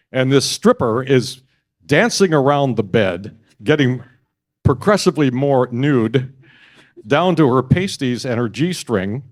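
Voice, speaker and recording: An older man giving an award acceptance speech, telling stories in a measured, anecdotal way. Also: medium pitch. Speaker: award honoree. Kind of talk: after-dinner speech.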